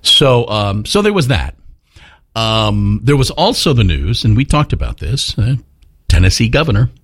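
Lively-voiced male radio host. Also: on the low side, moderate pace. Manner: rambling, many fillers and restarts. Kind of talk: casual morning radio chat.

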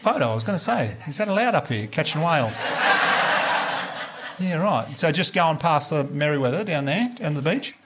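A man's voice: fairly high pitch, very animated, normal speed, noisy background. A man with an Australian accent doing a stand-up comedy set in a club, telling chatty stories and teasing the crowd on a handheld mic. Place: comedy club stage with live audience.

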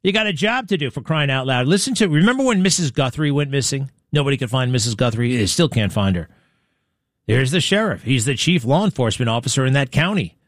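A man's voice: medium pitch, animated, fast, no echo, studio quality. A man hosting talk radio, giving indignant, combative commentary full of rhetorical questions.

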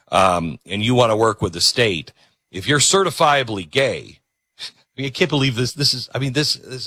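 Radio host guy, bright forceful voice, dry studio sound, kinda sarcastic. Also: medium pitch, no echo. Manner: incredulous, sarcastic, with mock role-play. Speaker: radio talk show host. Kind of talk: talk radio commentary.

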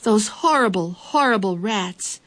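A woman voicing an excitable island queen who gushes in a high, breathless way. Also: a little slow, gravelly, breathy edge, heavily acted. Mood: dismayed.

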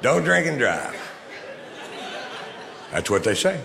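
A man performing a stand-up routine, delivering deadpan setups and punchlines. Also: medium pitch, takes it slowly, vocal fry, long pauses, a faint crowd. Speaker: stand-up comedian. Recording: reverberant club with noise.

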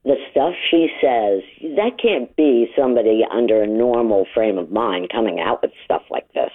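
A woman's voice: a bass voice, expressive, normal speed, no room sound. A woman from calling in to a radio show, blunt and outspoken. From Long Island, New York. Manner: blunt, outspoken, laughs easily. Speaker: caller. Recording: phone line.

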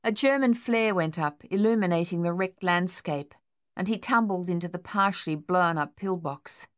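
A woman reading a war novel as audiobook narration, measured and tense. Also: lowish voice.

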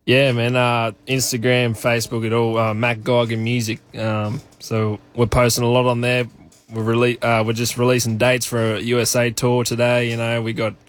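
A man's voice: medium pitch, normal speed. Laid-back Australian man. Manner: relaxed, laid-back, hesitant fillers. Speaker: singer, guest. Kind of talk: casual interview chat.

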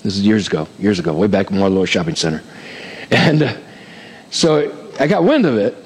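A man's voice: lowish voice, sing-song, fairly quick, in a large hall, slight background noise, poor audio. A male pastor preaching a sermon in a conversational way, asking "amen?" and slipping in light humor.

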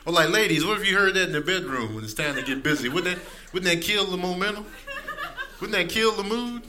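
A man in his thirties doing an animated stand-up comedy set on a club stage, acting out other people's voices. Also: sits high, fairly quick, a crowd in the background. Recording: live recording with audience noise.

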